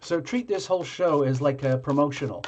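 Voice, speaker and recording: A man hosting a live tarot reading stream, chatting casually with viewers in a halting way, full of fillers and restarts. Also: a little high, a little mellow, dull audio, a little hiss or hum.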